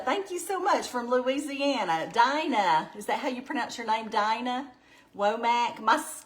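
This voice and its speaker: A woman with a warm Southern US accent hosts a live cooking stream, chatting in a folksy way with her viewers as she stirs and reads their comments aloud. She sounds tired, but she keeps the talk going. Faint frying sizzles behind her in the home kitchen. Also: mid-range voice, slight background noise, rough recording. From Alabama. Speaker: cooking show host.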